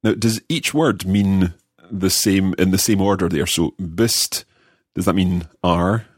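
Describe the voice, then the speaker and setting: A man hosting a podcast language lesson, guiding it in a friendly, measured way as he learns along. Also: low-pitched, slightly rough, no room sound, studio quality. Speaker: language course host and learner.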